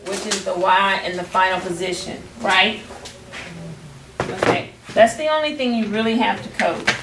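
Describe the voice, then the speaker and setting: Woman teaching, distant in a roomy class. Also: medium pitch. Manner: patient, prompting students, restarting phrases. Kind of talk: classroom phonics lesson. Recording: roomy, distant, faint background noise.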